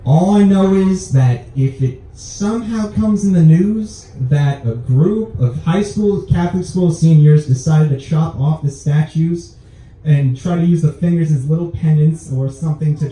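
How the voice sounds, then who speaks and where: Echoey young stand-up comedian. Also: male voice, distant mic. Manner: animated, jumps into high voices for his punchlines. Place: comedy club stage. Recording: very echoey club room, mic set back.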